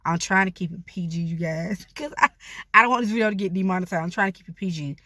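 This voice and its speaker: Candid chatty woman vlogger, low voice. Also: fast talker, sharp tone, dry recording. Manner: candid and chatty, keeps addressing viewers directly. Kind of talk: casual advice vlog.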